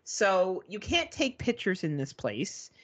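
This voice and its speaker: Woman podcast co-host, animated storyteller, very expressive pitch, salty language. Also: slow pace, slightly rough. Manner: animated, swearing, mimics beeping sounds. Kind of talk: casual storytelling chat.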